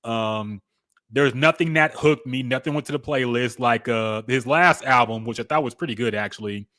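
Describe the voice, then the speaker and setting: A man's voice: medium pitch, moderate pace, bright, forceful tone, no room sound, clean studio sound. A man co-hosting a music podcast, giving laid-back, candid opinions in casual chat. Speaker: podcast co-host.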